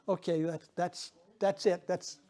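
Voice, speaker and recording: An older man giving an informal presentation to a small group, halting, with many restarts and repeated words. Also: sits high, warm tone. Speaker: guest speaker. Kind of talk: informal presentation with audience chat.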